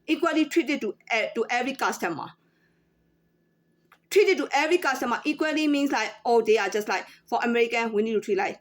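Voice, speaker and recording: A woman in her thirties or forties speaking in a casual unscripted monologue, halting with many fillers and restarts. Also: a little high, lively intonation. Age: 30s to 40s. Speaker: former store employee.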